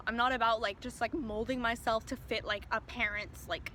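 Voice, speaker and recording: Young woman vlogger, higher-pitched and bright, chatty storyteller who says "like" constantly. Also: fairly even intonation, normal speed, a little hiss or hum. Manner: chatty, peppers speech with "like". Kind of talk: casual storytime.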